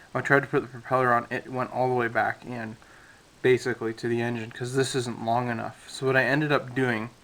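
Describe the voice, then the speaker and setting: A man casually talking through a scale model build, with relaxed, rambling speech and many fillers, a little out of breath. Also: mid-range voice, low-quality recording.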